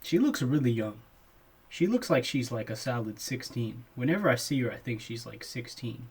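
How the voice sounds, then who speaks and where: A man's voice: medium pitch, expressive, normal speed, darkish tone, slightly rough. A young man co-hosting a podcast, chatting casually, laughing often and calling his friend "bro.". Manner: laid-back, laughs often, says "bro" a lot. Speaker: podcast co-host. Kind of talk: casual chat.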